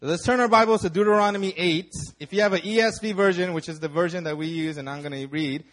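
Lively young man preaching a casual sermon. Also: high-pitched, fast. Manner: casual storytelling, acts out the crowd in dramatic voices. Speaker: pastor. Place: church hall.

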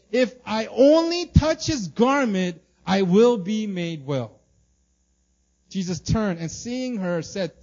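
This is a sermon from a male pastor whose voice is high and lively, and he slips into the voices of the people in his story as he goes. He often repeats and restarts his words, and the recording sounds slightly dull.

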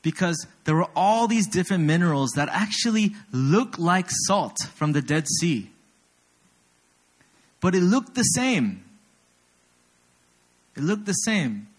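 A young adult man giving a sermon, an animated storyteller who teases himself and keeps checking in with his listeners. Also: high voice, slow, pauses often, breathy edge. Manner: animated storyteller, self-deprecating, asks the audience often. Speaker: pastor.

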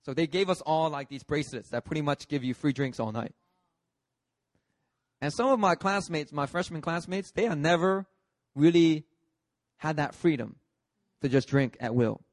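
Animated preaching man with a dry sound. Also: a little high, moderate pace, pauses often, no echo. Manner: lively, acts out scenes with shifting voices. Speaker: pastor. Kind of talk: sermon with personal storytelling.

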